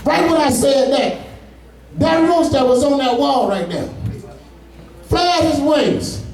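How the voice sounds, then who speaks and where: Male stand-up comic, very high voice, profane rambling stories, heavy echo, far from the mic. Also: expressive, slow, a little mellow. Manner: profane, loose storytelling with asides to the audience. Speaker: stand-up comedian. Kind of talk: stand-up comedy set. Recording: echoey room, far from mic.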